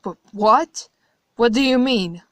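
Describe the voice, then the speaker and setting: A woman's voice: fairly high pitch, slow pace, fairly bright tone, no room sound, pitched above the performer's own voice. A woman reading a horror story, voicing a young man who asks urgent, confused questions. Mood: alarmed.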